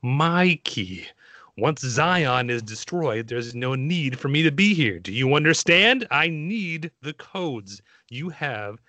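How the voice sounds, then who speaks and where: A man performing an impression of a cold, menacing male machine agent who despises humans, with a put-on Australian-New Zealand accent and slow, measured delivery. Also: mid-range voice, lively intonation, pushed and bright, dry recording. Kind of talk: dramatic film-monologue impression.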